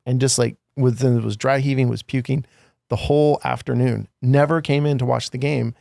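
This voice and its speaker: A middle-aged man from California co-hosts a podcast, his mid-pitched voice gravelly with vocal fry. He talks reflectively and rambles, trailing off mid-thought. The sound is dry and close. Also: fairly even intonation, normal speed, dark tone, no echo. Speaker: podcast co-host. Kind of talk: casual conversation.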